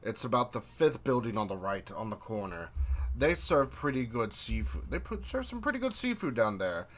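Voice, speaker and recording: A man's voice: medium pitch, sing-song, normal speed. A man voicing a flustered, polite male merchant at the docks who stammers and restarts his phrases.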